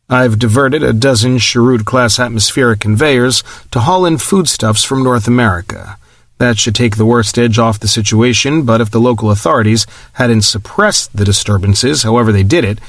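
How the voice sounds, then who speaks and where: A man's voice: medium pitch, no echo, clean studio sound, close to an everyday voice. A man voicing a firm, practical male official arguing his case in an audiobook.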